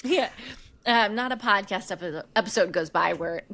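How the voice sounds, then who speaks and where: A woman's voice: mid-range voice, normal speed, sharp tone. A woman co-hosting a podcast speaks conversationally, thinking aloud in a reflective way and restarting her sentences as she goes. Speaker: podcast co-host.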